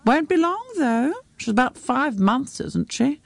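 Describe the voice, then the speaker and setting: A woman's voice: high-pitched, expressive, measured pace, creaky, dry recording, pitched above the performer's own voice, full character voice. A woman voicing a curious, prying guest at a wedding, asking probing questions. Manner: inquisitive, lightly probing.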